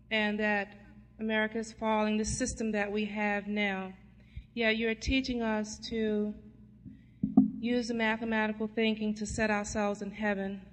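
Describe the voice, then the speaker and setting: A woman in the congregation asking the teacher questions in a polite, measured way. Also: medium pitch, a bit bright, long reverb tail.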